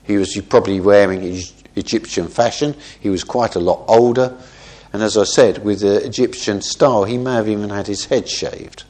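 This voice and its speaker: A man's voice: on the low side, moderate pace, darkish tone. A man preaching through a Bible passage, talking conversationally and often tagging his points with "isn't it?" while now and then correcting himself mid-word. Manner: conversational, frequent "isn't it?" tag questions; thoughtful with small self-corrections. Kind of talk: expository Bible teaching.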